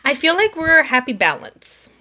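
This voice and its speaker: A young woman co-hosting a casual podcast chat, teasing with deadpan jokes and laughing often. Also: high voice, normal speed. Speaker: podcast co-host.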